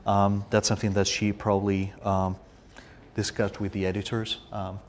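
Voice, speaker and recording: A man from Spain with a Spanish accent, a poetry translator answering audience questions, with lively storytelling and frequent restarts. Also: lowish voice, moderate pace, a little hiss or hum. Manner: restarts often, animated storytelling. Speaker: poetry translator and guest speaker. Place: university room.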